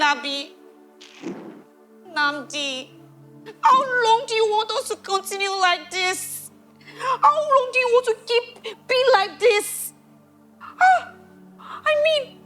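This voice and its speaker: A woman plays a weary young wife, emotional and reproachful in a church drama. Her voice is very high and lively, with quiet music behind it. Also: exaggerated voice.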